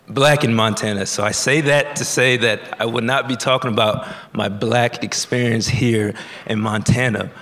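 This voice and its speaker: Before a live audience, a man tells a personal story casually and conversationally, acting out the dialogue and using many fillers. His voice is medium in pitch with a fairly bright tone.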